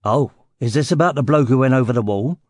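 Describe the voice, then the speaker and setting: A man's voice: medium pitch, quick pace, no echo, clean studio sound, lightly acted. A man doing a chatty Cockney gate guard. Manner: chatty, blustering.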